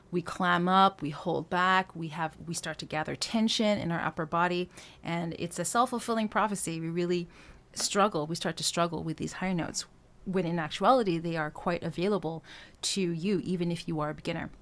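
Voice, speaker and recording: A woman vocal coach explaining singing technique, talking through each point with filler sounds and quick checks with the listener. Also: lowish voice. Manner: talks through points with frequent "um" and checks of "right?".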